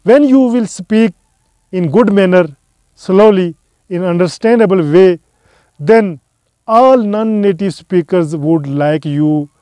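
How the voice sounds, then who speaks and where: A man giving a spoken English lesson to his viewers, offering slow, earnest advice and repeating key phrases. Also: high voice, warm tone, dry recording. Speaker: English teacher.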